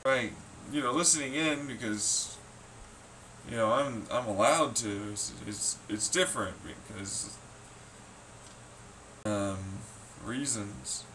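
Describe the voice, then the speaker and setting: A man ranting in a sarcastic, scornful, profane monologue, swinging between muttering and loud shouting. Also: mid-range voice, slow pace, pauses often, a little hiss or hum. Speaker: vlogger.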